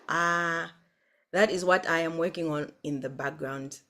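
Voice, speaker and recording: A woman's voice: deep voice, steady tone, unhurried, bright, forceful tone. A woman from Zambia, a guest singer chatting earnestly on a video call, with nervous giggles. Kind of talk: casual chat on a video call.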